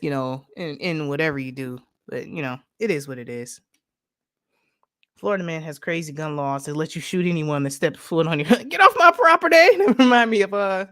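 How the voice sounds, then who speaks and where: A woman's voice: fairly low pitch, a bit bright, no room sound, clean studio sound. A woman from Michigan hosting a late-night livestream, chatting casually, laughing often and talking straight to her viewers while reading out stories and chat messages. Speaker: livestream host.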